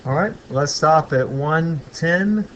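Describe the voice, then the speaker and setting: A man lecturing a physics class in a relaxed, joking way, thinking aloud with fillers as he works through problems. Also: a little high, slow, highs cut off, a little hiss or hum.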